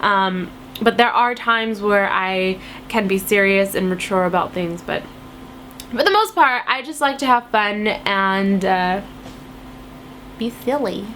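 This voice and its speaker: A woman's voice: mid-range voice, expressive, takes it slowly, a bit bright, slight background noise. A woman in her twenties with a cold, chatting casually to camera as she answers viewer questions in a silly, playful way. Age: 20s. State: has a cold.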